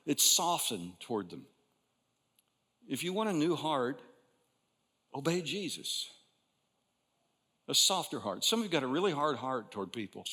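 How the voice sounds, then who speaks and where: An older man preaching a sermon in a church, conversational with frequent restarts, building to emphatic bursts and then dropping quiet. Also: medium pitch. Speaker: pastor. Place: church sanctuary. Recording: long reverb from a large church hall.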